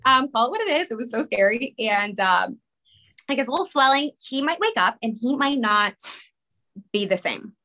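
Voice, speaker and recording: 30s woman, highish bright voice, rambling guest story w lots of "like"s. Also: lively intonation. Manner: rushed, rambling, many "like" fillers. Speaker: podcast guest, mother. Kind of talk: emotional personal story in conversation.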